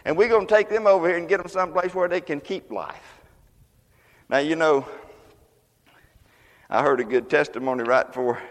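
Preacher guy, folksy sermon, kinda high voice, bursts out loud, echoey church hall. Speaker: pastor. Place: church sanctuary.

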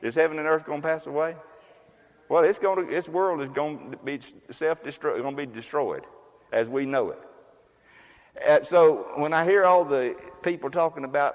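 A man preaching a sermon as a pastor, emphatic and fiery, with loud exclamations and quieter asides. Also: a little high, normal speed, long reverb tail.

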